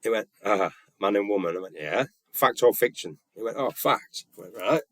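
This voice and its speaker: A man's voice: on the low side, lively intonation, moderate pace, a bit bright, no echo. A man telling a story in a casual monologue, retelling conversations bluntly and earnestly. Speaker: vlogger.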